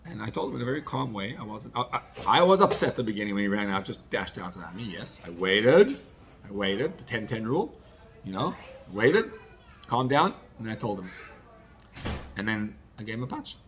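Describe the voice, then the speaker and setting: Gravelly low-voiced rabbi teaching. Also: male voice, big pitch swings, moderate pace. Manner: conversational, storytelling, sprinkled with Yiddish and Hebrew terms. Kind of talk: teaching a class, telling a personal story.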